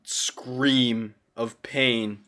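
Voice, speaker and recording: A young man from Brazil doing live gameplay commentary as a streamer, excitable and quick to swear and yell. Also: mid-range voice, a little hiss or hum. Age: young adult. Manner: excitable, swears often, yells and laughs in frustration.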